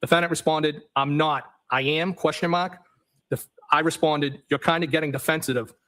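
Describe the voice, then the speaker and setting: A man on the witness stand, reading text messages aloud in a matter-of-fact way and saying the punctuation marks out loud. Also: on the high side, fairly even intonation, normal speed, rough recording. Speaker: trial witness.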